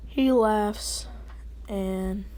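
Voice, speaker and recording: A woman's voice: medium pitch, extremely slow, mellow. A woman telling a fan story in a casual, rambling, slangy way.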